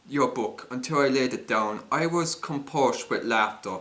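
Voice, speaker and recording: A man's voice: mid-range voice, measured pace, few pauses, fairly bright tone. A man reading a string of jokes and quips aloud, often stumbling and restarting. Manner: stumbling, frequent restarts and self-corrections. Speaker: joke reader.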